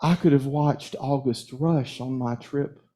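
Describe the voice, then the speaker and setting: A man's voice: mid-range voice, fairly even intonation, unhurried, heavy background noise. A man preaching a sermon as a minister in a conversational, storytelling way, chuckling as he goes. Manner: conversational, chuckles while telling stories. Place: church sanctuary.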